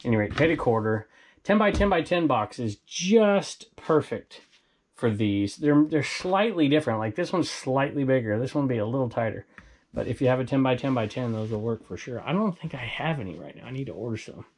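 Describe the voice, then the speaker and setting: A man's voice: mid-range voice, expressive, fairly quick, breathy edge. A man from Southern California, chatting casually to viewers as he shows items he resells. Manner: rambling, chatty, talks to viewers. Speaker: reseller vlogger. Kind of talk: casual chat.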